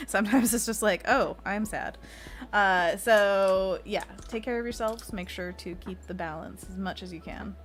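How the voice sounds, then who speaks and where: A chatty woman hosts a casual live stream, reading viewers' comments out loud and laughing easily between them. She talks in a playful, easygoing way at a middle pitch. Soft music plays faintly in the background. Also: measured pace. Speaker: livestream host and freelance illustrator. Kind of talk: casual livestream chat, reading chat aloud.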